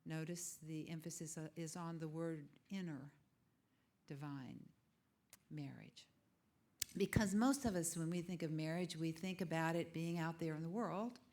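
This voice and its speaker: A woman giving a conversational sermon, asking the congregation questions and dropping to soft whispers for emphasis. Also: sits low, steady tone, normal speed, hardly any pauses. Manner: laughs easily, asks the congregation questions. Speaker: guest speaker.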